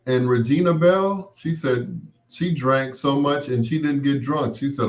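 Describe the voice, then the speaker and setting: A man's voice: mid-range voice, measured pace. A man hosting a late-night radio show, chatting in a laid-back way with wry asides.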